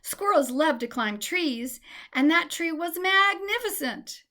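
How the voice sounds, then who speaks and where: A woman voicing a playful, excitable young female squirrel who is giggly and carefree. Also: very high voice, takes it slowly, pitched above the performer's own voice, heavily acted.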